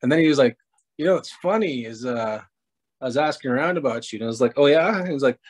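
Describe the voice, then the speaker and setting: A man's voice: medium pitch, lively intonation, quick pace, husky. A man presenting at a community talk, telling self-mocking stories with easy laughs. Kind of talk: casual storytelling talk.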